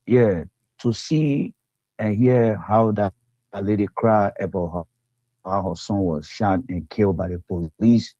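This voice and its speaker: A man's voice: fairly low pitch, unhurried, mellow, no echo. A man calling in to a radio show, speaking earnestly and sounding troubled. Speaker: caller. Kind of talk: call-in commentary. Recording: dull phone line.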